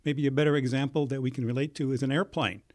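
A man talking as a guest in a studio, explaining things in a measured, step-by-step way. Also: mid-range voice, steady tone, darkish tone.

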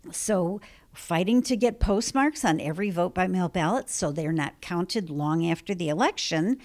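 A woman from Illinois, a guest in a political interview, explaining her points emphatically and punching key words with sudden jumps in pitch. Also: a little mellow. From Illinois, United States. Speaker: election integrity activist guest.

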